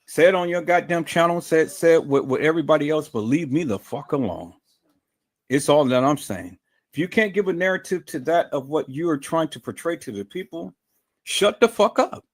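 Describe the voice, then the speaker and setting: Fired-up guy ranting on his livestream, aave, voice swings all over, kinda high for a man. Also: animated, brisk. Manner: angry, profane, repetitive, confrontational. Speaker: livestream host. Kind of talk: heated livestream rant.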